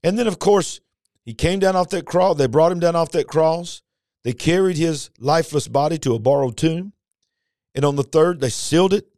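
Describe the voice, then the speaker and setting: A man's voice: fairly high pitch, normal speed, a little mellow, no room sound, studio quality. A man preaching a podcast sermon, fervent and emphatic, firing rhetorical questions at his listeners.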